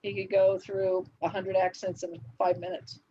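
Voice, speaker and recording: Older woman reminiscing, husky lo-fi audio. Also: mid-range voice, level tone, moderate pace, dark tone. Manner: reminiscing, frequent laughs and fillers. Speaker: guest TV writer. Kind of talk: relaxed anecdotal interview answers.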